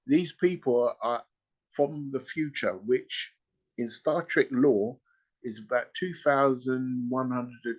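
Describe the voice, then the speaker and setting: A man hosting a podcast, retelling a story in casual chat, animated and peppered with "you know" and "right?". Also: medium pitch. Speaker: podcast host.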